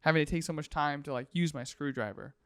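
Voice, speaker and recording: Talking fast in a fairly high, clean voice, a twenty-something podcast host spins an animated story in casual conversation. He performs the characters and sound effects with gusto, and the studio recording is clean with no echo.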